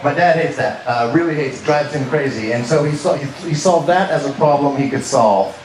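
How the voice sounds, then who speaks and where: This stand-up comic, a medium-pitched man, talks fairly quickly and sits far from the microphone. Working a live comedy club crowd, he keeps things conversational and frequently asks "right?", with the spacious room adding faint noise.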